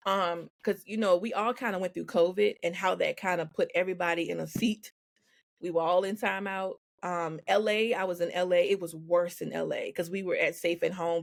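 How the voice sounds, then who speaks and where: A woman's voice: lowish voice, vocal fry, dry recording, studio quality. A woman guest on a podcast, speaking frankly and with animation, laughing often as she tells her story. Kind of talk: candid conversational storytelling. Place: podcast recording.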